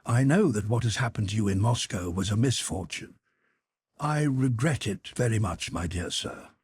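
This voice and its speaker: A severe old Freemason, read by a male narrator, addresses a young man with deliberate, formal gravity. His voice is husky and sits low and quiet. It is recorded dry and close for an audiobook. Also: animated, no echo. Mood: grave, measured.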